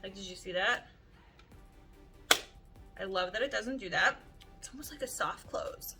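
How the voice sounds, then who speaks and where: A young woman beauty vlogger talking to camera in an animated, chatty way, leaning heavily on "like" as she tells stories. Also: mid-range voice, a little slow, loud music behind the voice. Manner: animated, chatty, heavy use of "like". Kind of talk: casual storytelling chat to camera.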